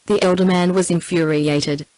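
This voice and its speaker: Australian female TTS narrator, low and level, dry close sound, steady audiobook read. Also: moderate pace, dry recording, rough recording. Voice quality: even synthetic text-to-speech delivery. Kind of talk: scripted narration.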